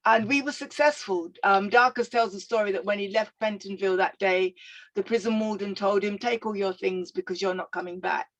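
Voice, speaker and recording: An older woman telling a personal story as a guest speaker, reflective and animated, with frequent fillers. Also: mid-range voice, low-quality recording.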